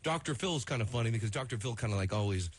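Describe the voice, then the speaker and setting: A laid-back man answers radio interview questions, halting and rambling with frequent "uh"s. His voice is mid-pitched and husky, heard close and dry in the studio. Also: animated, no echo. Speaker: studio guest.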